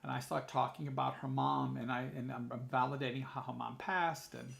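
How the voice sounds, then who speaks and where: A man's voice: mid-range voice, fairly even intonation, a little fast, gravelly, fairly bright tone, reverberant. A man hosting a live podcast, chatting casually and telling stories with lots of restarts. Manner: chatty storytelling with many restarts. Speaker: podcast host and medium. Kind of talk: casual live-stream chat.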